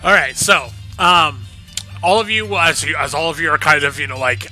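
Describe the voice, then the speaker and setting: A man's voice: a little high, moderate pace, bright, forceful tone, soft background music. A man narrating a tabletop game as game master, rambling with many ums and uhs. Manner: rambling, full of fillers.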